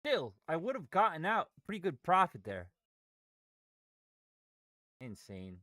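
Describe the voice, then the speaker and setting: A man commentating his live trades, swearing heavily and swinging from low muttering to angry yelling. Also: wildly swooping pitch, unhurried, dry recording, clean studio sound. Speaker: day trader streaming live.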